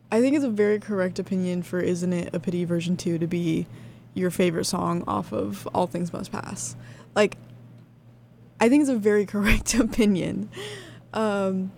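A woman's voice: medium pitch, mellow, slight background noise. A woman radio DJ chatting casually between songs, rambling a little with many fillers and restarts.

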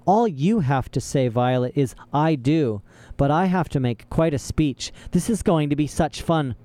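A man voicing a fussy, excitable older woman judge in an audiobook, talking in a gushing, eager way. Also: a little high, unhurried, dry recording, voice pushed up.

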